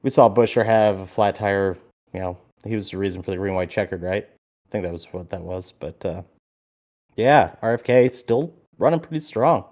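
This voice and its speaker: A man co-hosting a podcast, telling a story in a lively, casual way and swearing freely. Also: lowish voice, moderate pace. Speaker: podcast co-host.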